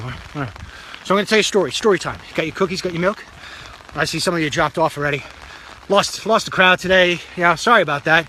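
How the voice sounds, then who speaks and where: Middle-aged guy talking into his phone, high bright voice, chatty and rambling, pokes fun at himself. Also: expressive, fast, a little hiss or hum, poor audio. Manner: chatty, self-deprecating, digressive. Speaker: talk show host. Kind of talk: rambling live storytelling.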